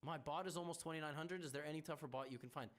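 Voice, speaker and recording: A man's voice: a little high, rapid-fire, a bit bright, soft background music. A man playing chess and thinking his moves through aloud, with stammering restarts and wry teasing of his opponent. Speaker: chess streamer.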